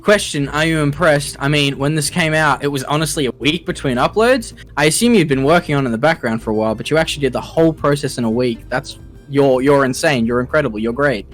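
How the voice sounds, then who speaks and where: Chill guy co-hosting a podcast, slightly higher voice, explains stuff, swears casually. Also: fast talker, soft background music. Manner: laid-back, explanatory, swearing. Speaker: podcast co-host. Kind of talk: casual commentary chat.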